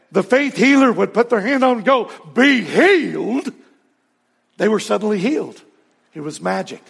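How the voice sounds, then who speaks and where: A man's voice: high-pitched, gravelly, darkish tone, breathy edge, big-room sound. A male pastor preaching a sermon earnestly, building to emphatic peaks.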